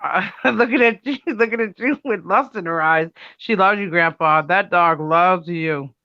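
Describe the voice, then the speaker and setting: A middle-aged woman with a loud, brash voice, chatting casually on a livestream, laughing and cussing freely. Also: fairly low pitch, a little slow, no room sound, dull audio. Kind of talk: casual chat.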